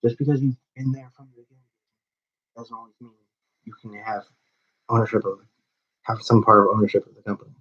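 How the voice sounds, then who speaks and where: A man's voice: on the low side, steady tone, quick pace, long pauses, slightly rough. Man ranting confrontationally, lo-fi. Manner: confrontational, rambling with restarts. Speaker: owner of a small wrestling channel. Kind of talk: call-out video rant. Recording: dull lo-fi recording.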